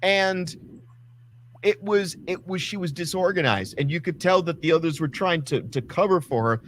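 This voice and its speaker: A man's voice: a little high, lively intonation, moderate pace, a bit bright, a little hiss or hum. A man co-hosting a casual wrestling talk show, ranting with lots of swearing and acting out quotes. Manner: ranting, profane, acts out quotes. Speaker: podcast co-host.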